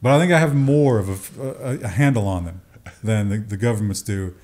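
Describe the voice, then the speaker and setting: A man's voice: lowish voice, brisk, darkish tone. A man co-hosting a casual tech news show, chatty and joking, often slipping into mocking voices. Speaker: co-host.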